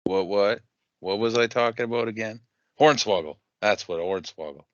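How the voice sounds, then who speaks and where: A man doing a slow, goofy impression of a tiny boastful male wrestler who loses his train of thought. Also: fairly low pitch, a bit bright, no echo, close to an everyday voice. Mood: goofy boasting. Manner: slow, drawn-out, forgets what he was saying. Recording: dull lo-fi podcast mic.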